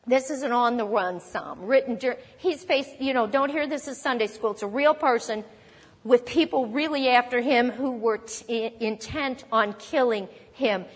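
A woman teaching a sermon on a psalm, expressive and lively, acting out quoted lines. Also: on the high side, normal speed, slightly rough, long reverb tail. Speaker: Bible teacher.

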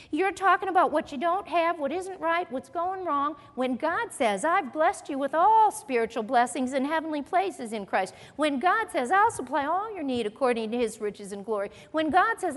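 High-voiced woman preaching in a hall. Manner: animated, mimics complainers with comic asides. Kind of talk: sermon. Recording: long hall reverb.

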